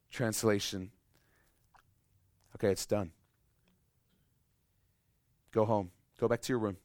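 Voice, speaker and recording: A man preaching a sermon with passion, repeating his phrases, swinging from loud to hushed and acting out voices in his story. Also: lowish voice, steady tone, takes it slowly, pauses often, no echo, studio quality. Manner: repeats phrases, acts out voices of God and people. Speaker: pastor.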